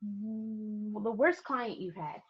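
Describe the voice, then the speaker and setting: A woman's voice: mid-range voice, slow, slightly rough, dull audio. A woman photographer chatting as a podcast guest, telling stories with lots of emphasis and frequent laughter. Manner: animated storyteller, laughs often, emphatic. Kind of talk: casual interview chat.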